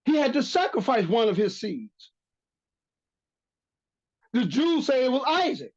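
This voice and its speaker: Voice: sits high, big pitch swings, unhurried, darkish tone. A religious teacher giving a bible lesson, reading verses aloud and repeating key phrases for emphasis. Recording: dull lo-fi recording.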